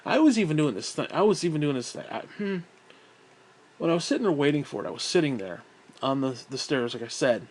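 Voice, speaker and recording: A man's voice: on the high side, very animated, quick pace. A man telling a rambling, profane story in a casual monologue, slightly out of breath. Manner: profane, rambling, self-talk asides.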